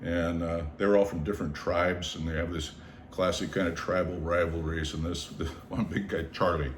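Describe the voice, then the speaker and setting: An older man from the Seattle area hosts a podcast with a deep, low voice. He tells stories in a lively way, repeats words and acts out the people in them. The room gives an echo, and there is a faint hiss underneath. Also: moderate pace. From Seattle area, USA. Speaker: podcast host. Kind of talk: storytelling in casual conversation. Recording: roomy echo.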